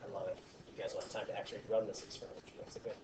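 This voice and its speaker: A man teaching a science class, talking in a chatty, joking way with animated asides to his students. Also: fairly low pitch, very fast, very noisy. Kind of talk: classroom lesson. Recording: echoey classroom from far off.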